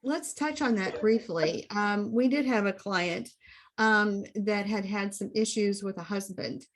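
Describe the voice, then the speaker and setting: A woman hypnosis practitioner co-hosting a candid chat, explaining things in a steady, affirming way. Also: mid-range voice, a little slow.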